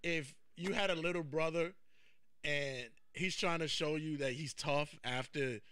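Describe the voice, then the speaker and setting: A man co-hosting a casual podcast, animated and profane, laughing often as he talks. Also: fairly high pitch, measured pace, clean tone, no room sound, studio quality. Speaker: podcast co-host. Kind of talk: casual wrestling podcast chat.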